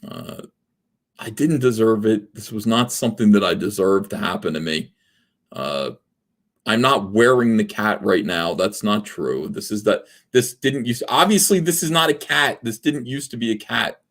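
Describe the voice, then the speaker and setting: A sarcastic man in his forties chats loosely on a livestream from his basement office, his fairly low voice swinging up and down as he jokes and rambles. He is full of filler words and reacts to viewer messages in an offhand, mocking way. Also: lively intonation, moderate pace, a bit bright. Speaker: livestream host. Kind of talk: casual livestream chat reading super chats.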